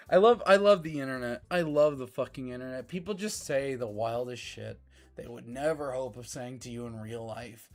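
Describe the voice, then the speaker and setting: A woman streaming a game, excitable and profane, laughing often and repeating herself as she reacts. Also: rumbling low, moderate pace, soft background music. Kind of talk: live let's-play commentary.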